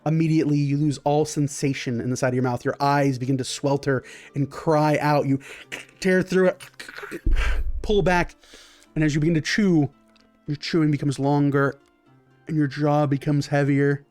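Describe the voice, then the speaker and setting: A man narrating a tabletop game as game master, spinning vivid and slightly gross scenes in a loose, improvised flow. His voice sits a little above the usual pitch for a man. Faint music plays underneath. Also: steady tone, normal speed, darkish tone. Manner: vivid, loose storytelling with many fillers.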